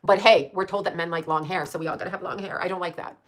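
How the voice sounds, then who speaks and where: A woman's voice: lowish voice, fairly even intonation, fast. A woman around sixty chatting casually on a livestream, rambling and blunt, swearing freely and laughing often as she answers her chat.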